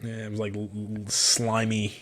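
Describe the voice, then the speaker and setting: A man's voice: fairly low pitch, monotone, moderate pace, fairly bright tone. A young man co-hosting a podcast, telling a rambling story in casual chat, full of "like" and swearing. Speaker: podcast co-host.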